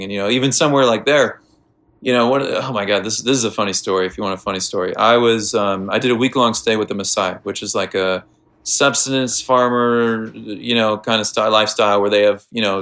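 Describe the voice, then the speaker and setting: American male guest, gravelly low voice, loose rambling storyteller. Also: fairly even intonation, brisk, a bit bright. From United States. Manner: rambling, lots of fillers and restarts. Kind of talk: casual storytelling chat.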